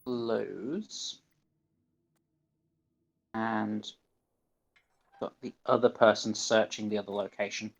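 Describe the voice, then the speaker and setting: A man with a Northern English accent talks his way through a game on a livestream, unhurried and steady, half to himself as he reads out menu choices. His voice sits at an ordinary middle pitch, and the recording is a little dull and muffled. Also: vocal fry. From northern England. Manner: mutters to himself, reading game menus aloud. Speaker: gaming streamer. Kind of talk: live gameplay commentary.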